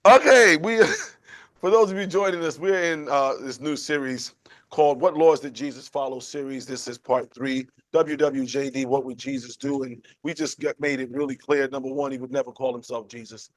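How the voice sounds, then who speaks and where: A man's voice: moderate pace, dry recording. A man leading a conversational Bible class, asking questions and acting out quotes. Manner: animated, playful, acts out quotes with jumps in pitch. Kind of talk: conversational sermon with call and response.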